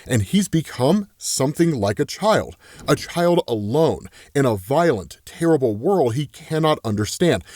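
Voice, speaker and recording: Brief: man as gentle older butler, slow measured pleading, dry sound. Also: medium pitch, no room sound. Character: elderly male butler, gentle and earnest.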